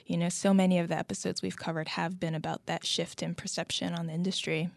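Gravelly, laughing woman podcast host. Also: lowish voice, little pitch movement, fast talker, dry recording. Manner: laughs often, chatty. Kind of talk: casual podcast chat.

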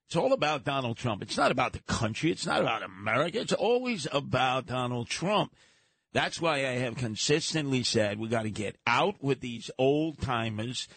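A man's voice: mid-range voice, sing-song, moderate pace, gravelly, fairly bright tone, breathy edge, no echo. A man co-hosting a political talk show, speaking bluntly in short, emphatic sentences with a mocking edge. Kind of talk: blunt political opinion chat.

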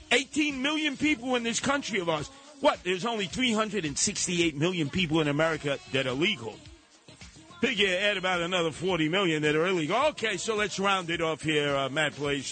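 A man's voice: high-pitched, bright, forceful tone. A man hosting a call-in radio show, ranting with sarcastic rhetorical questions and acting out the people he mocks. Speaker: radio talk show host. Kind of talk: call-in talk radio monologue.

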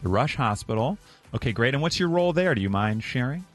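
Bubbly, animated male radio host. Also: medium pitch, fast talker, soft background music. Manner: bubbly, effusive, laughs often. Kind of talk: morning radio chat.

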